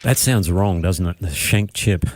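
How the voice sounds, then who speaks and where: An Australian man co-hosting a golf podcast, laid-back and quick to laugh, walking through a technique in plain instructive terms. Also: deep voice, noisy background. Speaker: golf co-host and coach. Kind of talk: casual podcast chat, explaining technique.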